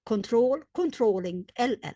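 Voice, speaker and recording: A woman with Arabic as her first language teaches English grammar at a slow, careful pace. Her fairly high voice rises and falls a lot as she stresses each example and spells out letters. The recording is dry and close. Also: expressive, mellow, dry recording. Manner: hesitant fillers between points. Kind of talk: slow, deliberate grammar lesson.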